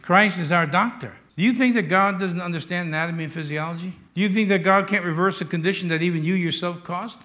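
An older man preaching a sermon as pastor, emphatic, moving between loud raised lines and quiet asides. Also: sits high, fast talker, hardly any pauses.

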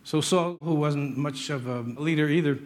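A man's voice: fairly high pitch, moderate pace. A man preaching a sermon, emphatic and joking, acting out the stories he tells.

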